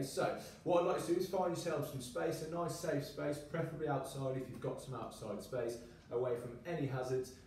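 A man's voice: medium pitch, warm tone, distant mic, a little hiss or hum. A male PE teacher leading a home football lesson, encouraging and demonstrating as he talks. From United Arab Emirates school. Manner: encouraging, demonstrating while talking. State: a little out of breath while counting. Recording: very echoey room, voice from off the mic.

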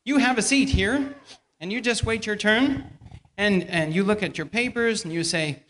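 In a church hall, a man who serves as a church elder uses a staged skit to teach a Bible lesson to the congregation, playfully steering volunteers and supplying their lines. He speaks at normal speed in a high, somewhat bright voice over slight background noise.

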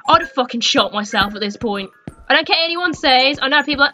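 A young woman playing a horror game, swearing a lot and jumping between frightened shrieks and low mutters. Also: fairly quick, sharp tone, soft background music. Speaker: gaming streamer.

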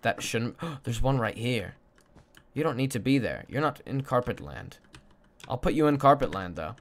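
A young man live-streaming a game, mumbling to himself and his chat, swearing often and breaking into loud excited shouts. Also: medium pitch, moderate pace. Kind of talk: casual gaming livestream chat.

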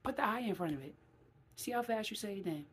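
A middle-aged woman from New City, talking casually to camera in a vlog. She is animated and acts out quoted voices, with many fillers. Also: mid-range voice, quick pace, a little hiss or hum. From New York City. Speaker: vlogger.

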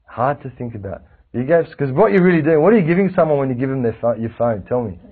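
A man giving a casual religious class, lively and animated, acting out little anecdotes. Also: mid-range voice, rapid-fire, husky. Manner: lively, animated, acts out anecdotes, frequent restarts. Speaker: religious teacher. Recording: tinny phone-like lo-fi recording.

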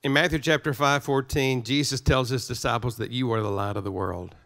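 A man's voice: medium pitch, steady tone, fairly quick, vocal fry, fairly bright tone. A male pastor preaching a sermon, emphatic, repeating his phrases and restarting words as he drives his points home.

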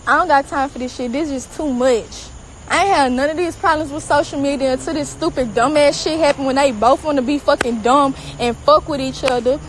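A woman's voice: high voice, fairly bright tone, a little hiss or hum, rough recording. Heated, swearing woman on a rant. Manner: profane, heated, repetitive. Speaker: celebrity girlfriend. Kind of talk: angry social media rant.

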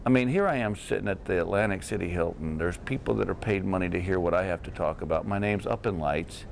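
A man's voice: low voice, fast, vocal fry, slight background noise. A middle-aged man from Texas, a comedian telling stories in a casual interview and laughing through them. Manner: animated, laughs through his own stories. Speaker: comedian guest. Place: hotel room.

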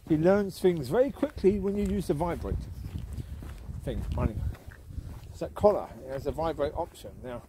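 A middle-aged man chatting casually while walking his dog outdoors, now and then calling out loudly to it. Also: fairly high pitch, a little hiss or hum. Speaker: dog owner vlogger. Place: outdoors on a rural walk.

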